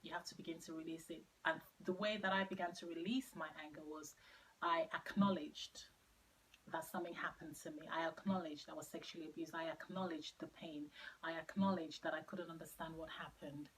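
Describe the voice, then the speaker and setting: On a low-quality recording with a bit of hiss or hum, this middle-aged woman speaks briskly in a low-pitched, steady voice. Giving an earnest faith-based teaching talk about her testimony as a Christian speaker, she repeats key phrases for emphasis and sinks to near-whispers on painful words.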